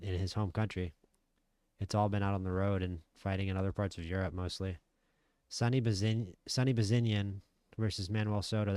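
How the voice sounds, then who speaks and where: A gaming channel host gives casual let's-play commentary, thinking aloud and often restarting. His voice is deep and darkish, recorded with no room sound.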